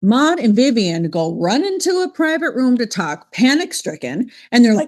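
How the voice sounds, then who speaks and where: Animated higher-voiced woman co-host. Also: a little slow, hardly any pauses. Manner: animated, acts out quotes. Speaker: podcast co-host. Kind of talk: casual chat recapping a sitcom episode.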